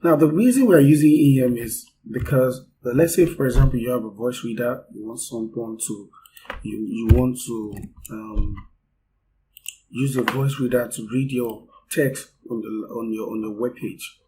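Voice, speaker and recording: A man's voice: medium pitch, moderate pace, dark tone, a little hiss or hum, poor audio. A man giving an unscripted coding tutorial while working on his screen, explaining step by step with frequent fillers. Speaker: coding instructor.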